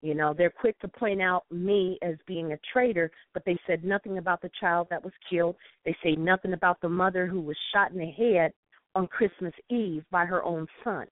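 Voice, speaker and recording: A lowish-voiced woman speaking at a moderate pace calls in as a guest on a phone talk show. She's from St. Louis and tells a passionate story, quoting the people involved. The line is tinny and dry, with no echo.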